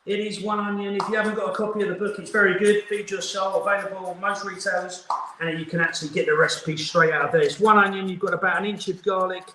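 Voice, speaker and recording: A man's voice: sits high, level tone, quick pace, pushed and bright. Brief: man, 50s, head chef hosting a live cookalong, upbeat and instructive, kitchen with faint background noise. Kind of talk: live cooking demonstration. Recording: echoey room with faint noise.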